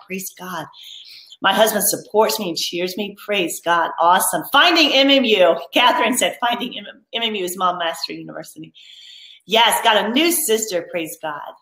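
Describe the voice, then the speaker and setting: A woman's voice: medium pitch, lively intonation, moderate pace, fairly bright tone. A woman with a drawl coaches mothers on a live stream, reading their comments aloud and leading them through a spoken commitment. Her voice sits in a middle register. It carries a noticeable echo from the room around her. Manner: reads viewer comments aloud and leads a spoken pledge. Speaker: mom coach hosting a live online workshop.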